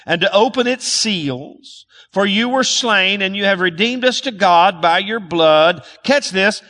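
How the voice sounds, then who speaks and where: A man's voice: sits high, animated, unhurried, few pauses, pushed and bright. A man preaching a sermon as a pastor, calling on the congregation to repeat words back, with frequent restarts and fillers. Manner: calls for audience responses, restarts and fillers. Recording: long hall reverb.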